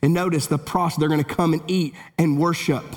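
A man preaching a sermon, swinging between urgent raised lines and low solemn ones as he reads and explains scripture. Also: fairly even intonation, a little fast, a little mellow. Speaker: pastor. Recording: long hall reverb.

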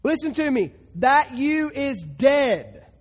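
High-voiced preacher with hall reverb. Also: male voice, sing-song, takes it slowly. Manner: emphatic, swings from hushed to loud bursts. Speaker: pastor. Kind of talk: sermon.

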